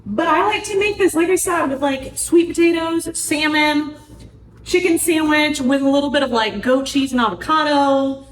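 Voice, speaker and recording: A woman's voice: high-pitched, normal speed, slight background noise. A woman hosting a casual cooking vlog with life advice, speaking in a chatty, earnest way and correcting herself as she goes. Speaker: wellness podcast host. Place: home kitchen. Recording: echoey kitchen, voice from far off.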